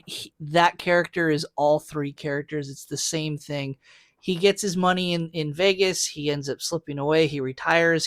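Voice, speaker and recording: His voice sits on the high side with a fairly bright tone as this man co-hosts a podcast, offering his take on a film and explaining a fan theory one piece at a time in relaxed conversation. The sound is clean, dry studio audio.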